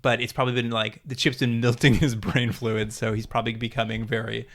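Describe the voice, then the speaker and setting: A man's voice: mid-range voice, level tone, brisk, a bit bright. A man co-hosting a podcast, chatting casually as he retells a TV episode and laughing often. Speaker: podcast co-host. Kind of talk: casual chat recapping a TV episode.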